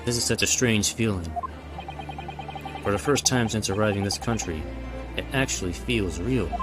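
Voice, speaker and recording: A man's voice: lowish voice, normal speed, music in the background, poor audio. A man streaming a game, reading the dialogue in an earnest, slightly hesitant way.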